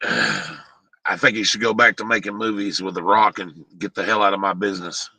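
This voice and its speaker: A man's voice: on the low side, moderate pace, sharp tone, breathy edge, dry recording, low-quality recording. A man streaming live, chatting casually in a rambling, sarcastic way.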